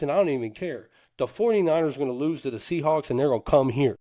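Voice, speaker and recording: A man's voice: mid-range voice, fast talker, hardly any pauses, dark tone. Fired-up male sports podcaster. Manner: fired-up, boastful fan talk with Southern slang like "them boys" and "cuz". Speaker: podcast co-host. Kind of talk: hyped sports podcast talk.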